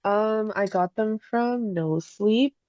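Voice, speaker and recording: A woman, a mother, co-hosting a casual podcast chat, blunt and animated and laughing often. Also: mid-range voice, slow pace, no echo, lo-fi sound. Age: adult parent. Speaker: podcast co-host.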